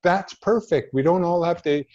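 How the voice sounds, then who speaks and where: A man's voice: high-pitched, normal speed, a little mellow, dry recording, highs cut off. A middle-aged man, an actor guest in a casual chat, speaking earnestly and bluntly.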